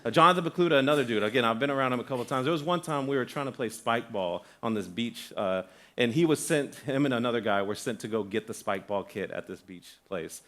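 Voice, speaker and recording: A man's voice: medium pitch, quick pace. A young adult man preaching a sermon in a church, conversational and full of restarts, acting out the voices in his stories. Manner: animated storytelling, acts out quoted voices. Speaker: guest pastor. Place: church sanctuary.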